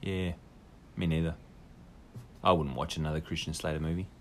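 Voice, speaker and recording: A man's voice: a bass voice, fairly even intonation, moderate pace, slight background noise. Male co-host, playful and mock-serious, getting over a cold. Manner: chatty, playful, mock-earnest. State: slight cough from a cold. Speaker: podcast co-host. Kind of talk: casual chat.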